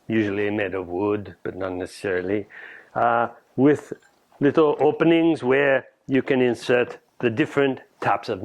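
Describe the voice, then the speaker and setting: A man playing an excitable French home chef with a French accent muddled by Australian, hosting a comic cooking lesson and tagging lines with "huh?". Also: medium pitch, lightly acted. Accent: French mixed with Australian. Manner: theatrical, tags lines with "huh?" and "all right?". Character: excitable theatrical French home chef, male, middle-aged. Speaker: cooking show host.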